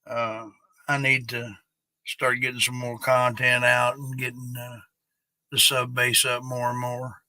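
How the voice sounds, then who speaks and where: A man's voice: medium pitch, monotone, pushed and bright, no room sound. A man hosting a casual live stream, rambling and swearing freely as he chats with viewers. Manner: rambling, profane, drawn-out.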